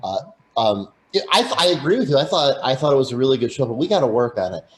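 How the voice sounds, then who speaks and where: A man's voice: medium pitch, sing-song, fast, a little hiss or hum, low-quality recording. A man talking on a radio panel, eager and stumbling over restarts as he chats casually. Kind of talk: casual call-in panel chat.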